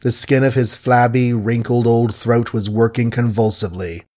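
Guy reading an old novel out loud, calm measured storytelling. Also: mid-range voice. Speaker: narrator. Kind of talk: audiobook narration.

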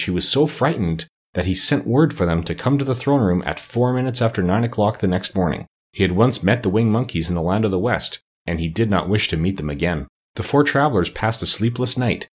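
A man narrating a classic storybook aloud in a measured, expressive way. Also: low-pitched, slightly rough. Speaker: audiobook narrator.

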